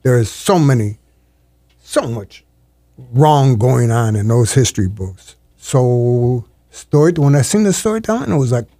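An older man with an average-pitched voice speaks earnestly, circling back and restarting his thoughts as he reflects. He is a storyteller being interviewed in a studio. The sound is close and dry, with no room echo. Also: lively intonation, dark tone. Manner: earnest, halting, with many restarts.

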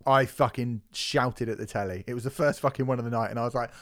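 A man's voice: mid-range voice, fairly even intonation, fast talker. A man co-hosting a podcast, ranting and swearing in casual chat. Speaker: podcast co-host.

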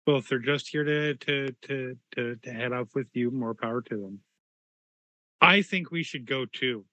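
A man playing a tabletop roleplaying game, speaking in a formal, measured way. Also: medium pitch, pushed and bright, dry recording. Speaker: player. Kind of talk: casual chat.

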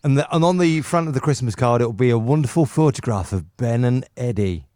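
Playful, animated male podcast co-host. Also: mid-range voice, a little fast, no room sound, studio quality. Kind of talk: casual podcast chat.

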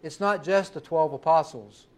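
Male pastor, slightly higher voice, emphatic sermon delivery in church. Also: darkish tone. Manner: emphatic preaching, rising and slowing on key words.

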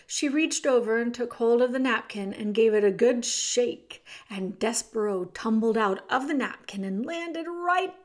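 A woman's voice: a little high, unhurried, hardly any pauses. A woman narrating a children's storybook, leaning into the action and speaking directly to the reader. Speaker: audiobook narrator.

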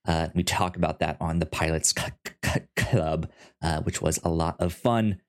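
A man's voice: very deep voice, steady tone, normal speed. A man hosting a podcast, chatting casually in a rambling way with many restarts. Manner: rambling, with frequent restarts and fillers. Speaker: podcast host.

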